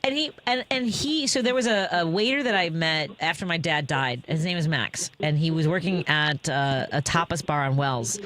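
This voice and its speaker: A middle-aged woman hosts a radio talk show, speaking into a studio microphone. She tells personal stories animatedly, with big rises and drops in her voice and quick side remarks. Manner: animated, wide pitch swings, quick asides.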